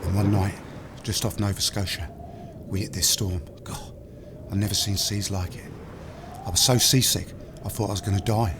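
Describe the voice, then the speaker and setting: A man's voice: lowish voice, fairly even intonation, normal speed, background noise, natural voice. An actor playing a dying old man who confesses a long-kept secret to his son in plain, blunt words. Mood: confessional. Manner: plain-spoken confessional storytelling. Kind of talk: audio drama storytelling. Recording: voice over music underscore. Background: music.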